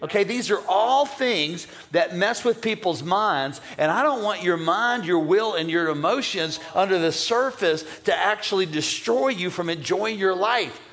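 A male pastor preaching an energetic, playful sermon and calling out to his congregation. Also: high voice, a little slow, hardly any pauses.

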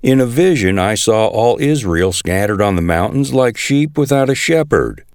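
A man's voice: lowish voice, expressive, normal speed, smooth, dry recording, studio quality, voice pushed up. A man reading scripture aloud, voicing a stubborn prophet who speaks firmly and solemnly. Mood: solemn, defiant.

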